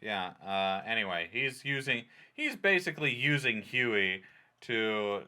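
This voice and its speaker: A man's voice: on the low side, very animated, measured pace, pushed and bright, clear, resonant tone. A man co-hosting a podcast in casual chat, recapping plot in a rambling way with many fillers. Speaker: podcast co-host.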